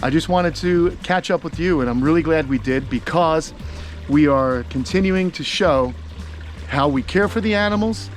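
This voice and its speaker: A man hosting a casual backyard vlog, chatty and upbeat, a little out of breath, fondly talking to his animals. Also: fairly high pitch. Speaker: vlog host. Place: outdoor backyard. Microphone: handheld phone.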